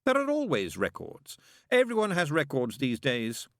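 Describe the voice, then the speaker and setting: A man voicing a sly, flippant male demon with a quick, mocking, petulant manner, raised well above his own voice. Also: on the high side, huge pitch swings, no room sound, clean studio sound, pitched above the performer's own voice. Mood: sardonic.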